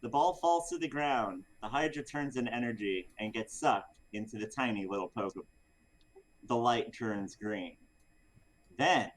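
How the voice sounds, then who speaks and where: A man narrating the opening of a tabletop game, storytelling with dramatic pauses. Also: medium pitch, poor audio. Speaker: player.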